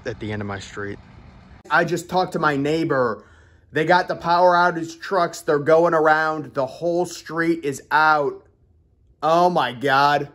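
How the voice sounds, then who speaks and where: Man, somewhat high voice, casual vlog, rambling, self-mocking, sweating, home office. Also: a bit bright. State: sweating from the heat. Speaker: vlogger. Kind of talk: casual vlog talk to camera. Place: his home office, indoors.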